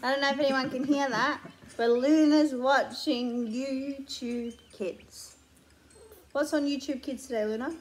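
A woman's voice: high voice, fairly even intonation, a little mellow. A woman hosting her own channel, teasing her partner in a playful mock interview at home. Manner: teasing, playful, quick to laugh. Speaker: channel host and mother.

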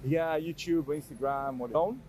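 A man's voice: fairly high pitch, normal speed, a little mellow, slight background noise. Cheeky young man teasing strangers outdoors. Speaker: street prank vlogger. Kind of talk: casual street banter. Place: busy outdoor street.

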